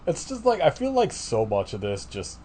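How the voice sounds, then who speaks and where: A man's voice: on the high side, wildly swooping pitch, normal speed, mellow, slight background noise. A man co-hosting a podcast, chatting casually with wry jokes and casual swearing. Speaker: podcast co-host.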